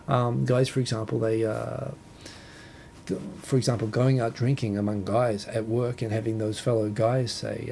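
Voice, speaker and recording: A man's voice: medium pitch, little pitch movement, moderate pace, creaky, mellow, a little hiss or hum. A man from New Zealand with a New Zealand accent, hosting a casual solo talk show and rambling with self-corrections and chuckles. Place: home, Tokyo.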